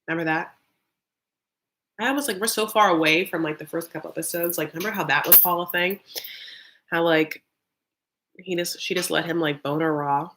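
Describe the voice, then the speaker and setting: A woman's voice: fairly low pitch, fairly even intonation, moderate pace, pauses often, a bit bright. A woman hosting a live reaction stream, chatting casually and sassily with lots of filler words. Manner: chatty and sassy, full of "like" and "honey". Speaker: live reaction show host. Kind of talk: casual commentary.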